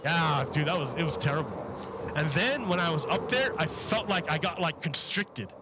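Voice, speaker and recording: A man's voice: fairly high pitch, animated, normal speed, lo-fi sound, noisy background. A man chatting casually on a livestream while gaming, rambling and filling his talk with "like". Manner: rambling, heavy use of "like".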